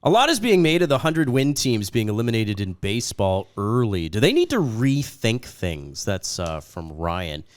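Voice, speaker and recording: A man co-hosting a casual sports talk show, his voice still a little raspy from an illness, chatty and opinionated. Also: fairly low pitch, very animated, normal speed, few pauses. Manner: chatty, opinionated, jokes at himself. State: lingering raspy voice after an illness. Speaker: co-host.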